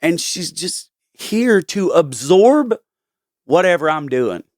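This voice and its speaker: A man hosting a podcast, talking earnestly through a Bible story in a casual chat. He is halting and often restarts his sentences. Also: on the high side, big pitch swings, dry recording, studio quality.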